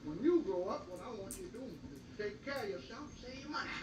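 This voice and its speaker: A man's voice: high-pitched, expressive, fast. An older man doing bawdy stand-up, rambling and boastful, breaking into cackling laughs. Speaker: comedian. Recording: roomy, distant, noisy old vinyl recording.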